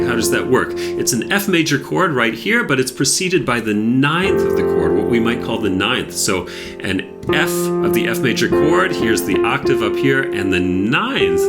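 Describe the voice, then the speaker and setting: A man with a fairly low, very lively voice explains music theory in an enthusiastic piano lesson. He stops now and then to play examples, and piano sounds ring clearly behind him. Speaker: piano teacher. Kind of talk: piano tutorial. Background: piano playing.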